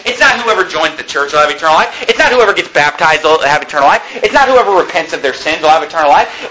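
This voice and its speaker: A man preaching a sermon as pastor, emphatic and fervent, rising to shouts at points. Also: a little high, a little hiss or hum, rough recording.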